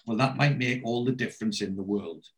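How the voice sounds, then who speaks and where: A man voicing a gentle, motherly middle-aged woman. She speaks softly and understandingly, without any falsetto. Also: a little fast, natural voice.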